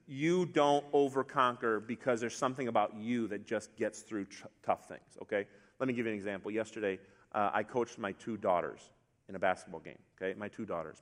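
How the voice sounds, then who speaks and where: A middle-aged man preaching a sermon to a congregation, storytelling in a relaxed, conversational way with asides. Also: on the low side. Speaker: pastor. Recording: long hall reverb.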